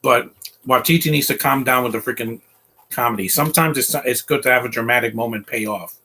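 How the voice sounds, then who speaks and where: Husky man ranting over a movie. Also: mid-range voice, a little fast, sharp tone. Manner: opinionated, rambling, defensive. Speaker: YouTube movie commentator. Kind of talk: casual live movie commentary.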